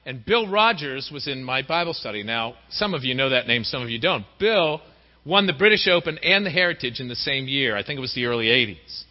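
A middle-aged male pastor delivers a sermon in a church, speaking briskly at a medium pitch. He's lively and acts out the voices of the people he quotes. The recording sounds dull, captured in a reverberant hall.

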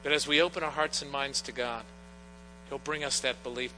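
A man's voice: mid-range voice, steady tone, fairly quick, bright, forceful tone. A middle-aged man preaching a sermon as a pastor, in an earnest storytelling way that draws on personal anecdotes. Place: church sanctuary. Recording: long church reverb, faint mains hum.

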